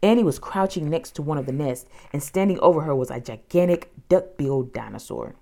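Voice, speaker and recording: A woman narrating a children's storybook in an expressive, dramatic way. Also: sits low, a little fast, creaky.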